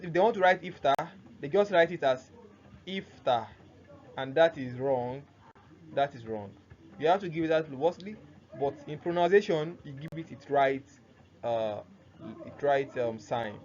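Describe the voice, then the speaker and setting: A man teaching Arabic grammar in a classroom-style lesson, who keeps asking "what?" and answers himself, repeating the key terms. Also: fairly high pitch. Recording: muffled lo-fi sound, faint noise.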